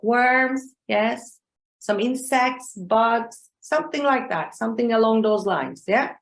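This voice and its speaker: A woman's voice: a little high, takes it slowly, gravelly. Patient woman teaching, roomy echo. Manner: patient, checks in often with "okay?" and "yeah?". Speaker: exam trainer. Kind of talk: live online class.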